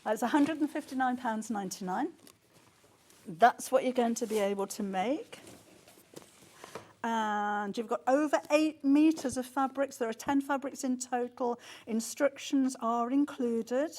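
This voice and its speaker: A woman presenting a live TV shopping show, excitable and quick to gasp and exclaim as items sell. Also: fairly high pitch. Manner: excitable, gasping and exclaiming over sales. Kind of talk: live TV selling. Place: TV studio.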